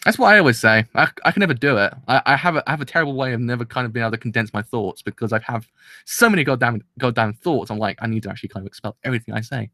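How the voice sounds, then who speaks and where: Young male reviewer, rapid excitable rambler, dry close-mic sound. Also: mid-range voice, dry recording. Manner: rambling, excitable, full of restarts and "kind of". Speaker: anime reviewer. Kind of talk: casual episode review.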